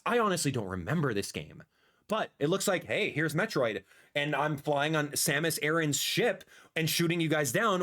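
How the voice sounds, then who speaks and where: A man in his thirties, a gaming content creator, giving excitable, ranting livestream reaction commentary. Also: on the high side.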